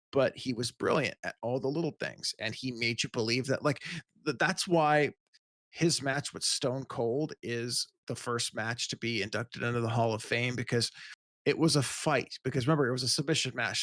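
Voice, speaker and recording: A man's voice: medium pitch, fairly bright tone, dry recording, clean studio sound. A man co-hosting a podcast, explaining his points at length in casual chat. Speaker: podcast co-host.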